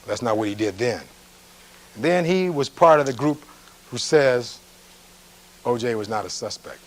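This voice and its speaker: A defense attorney giving a closing argument in a courtroom, reading witness testimony aloud and following it with pointed rhetorical questions. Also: male voice, medium pitch, lively intonation, normal speed, poor audio.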